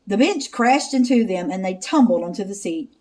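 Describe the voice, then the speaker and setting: A woman teacher from Texas, reading a picture book aloud with expressive narration and sound effects. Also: mid-range voice, normal speed.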